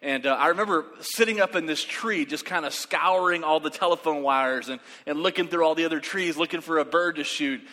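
Lively preacher in a reverberant hall. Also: male voice, on the high side, brisk, hardly any pauses. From West Texas. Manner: animated, acts out voices in his story. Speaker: pastor. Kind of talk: sermon with storytelling.

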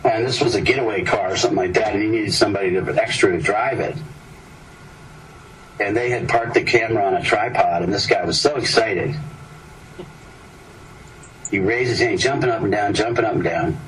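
A man's voice: lowish voice, brisk, long pauses. A man telling meandering anecdotes, breaking off mid-sentence and chuckling at his own stories. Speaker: storyteller. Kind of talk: rambling anecdotal storytelling. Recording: distant mic with clear background noise.

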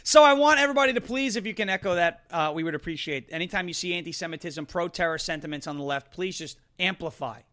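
A man's voice: high voice, fast, hardly any pauses, fairly bright tone. A man hosting an opinionated political commentary show, combative and sarcastic, repeating phrases for emphasis.

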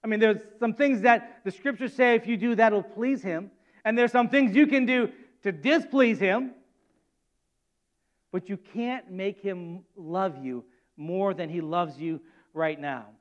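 A man preaching a sermon as pastor, animated and acting out quoted voices with rising emphasis. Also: high-pitched, a little slow, highs cut off.

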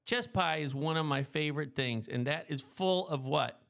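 A man hosting a relaxed staff interview, upbeat and full of jokes. His voice carries a gravelly fry, and he keeps the chat light and teasing. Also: a little high, normal speed. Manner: playful, joking, upbeat. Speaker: interviewer for a hospital staff feature.

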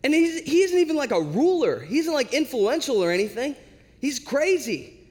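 A man doing shrill panicky disciples. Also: sing-song, normal speed, big-room sound. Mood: exasperated. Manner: yelling, whiny, exasperated. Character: panicky young male disciples, shrill and frantic.

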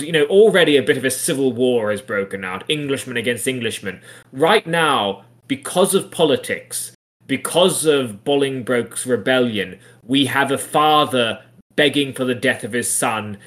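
Wry, analytical man co-hosting. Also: fairly bright tone. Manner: analytical, wry, acts out characters with pitch jumps. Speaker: podcast co-host. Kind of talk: casual book-club discussion.

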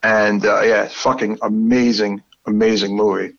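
A man's voice: on the low side, little pitch movement, a little slow, gravelly, highs cut off. A man with a Brooklyn accent chatting enthusiastically about movies, swearing freely and rambling with restarts. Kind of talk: casual chat.

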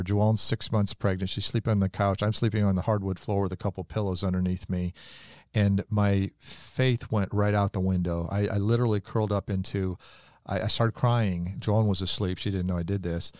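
A pastor with a low voice talks through a personal story in an earnest, confessional way. The sound is dry and close, with no room around it. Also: male voice, steady tone, fairly quick, darkish tone, no room sound. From United States. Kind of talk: conversational faith talk.

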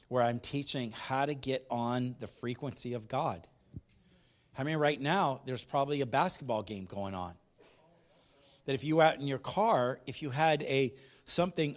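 Speaking a little high, a male pastor preaches emphatically, repeating phrases and putting questions to his congregation.

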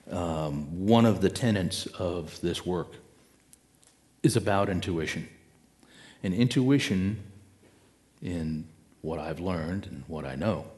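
Deep-voiced man giving a slow spiritual talk. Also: darkish tone. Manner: slow, reflective, with dramatic pauses and acted inner voices. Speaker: speaker.

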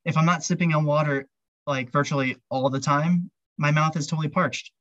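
A man's voice: on the high side, steady tone, a little fast, fairly bright tone, no echo. Guy on a podcast rambling about gear, lots of ums and likes, kinda muffled dry sound. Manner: rambling, heavy with fillers like "um" and "like". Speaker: podcast guest, ultrarunner. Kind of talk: casual interview chat.

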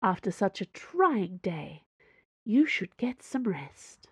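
A woman's voice: mid-range voice, very animated, takes it slowly, slightly rough, dry recording, exaggerated voice. A woman doing a poised, scheming cardinal. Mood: dismissive.

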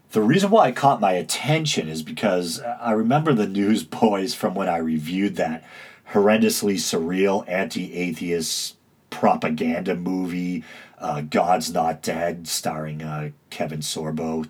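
A low, husky man with a stuffy-nosed East Coast accent talks his way through a solo podcast episode. His delivery is droning and dry, full of uhs and self-mocking asides. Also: unhurried. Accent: East Coast American. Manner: dry, self-mocking, many filler sounds. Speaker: podcast host. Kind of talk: casual solo podcast monologue.

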